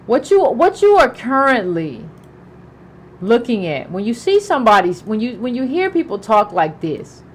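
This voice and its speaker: A woman's voice: medium pitch, a little hiss or hum, low-quality recording. A middle-aged woman giving political commentary in an emphatic way, repeating herself and asking pointed questions.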